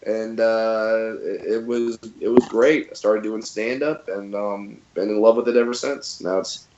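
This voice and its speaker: A man's voice: fairly low pitch, fairly even intonation, a little slow, echoey room, dull audio, very noisy. A man in his thirties, a comedian guest telling stories in a casual interview and acting out quotes in funny voices.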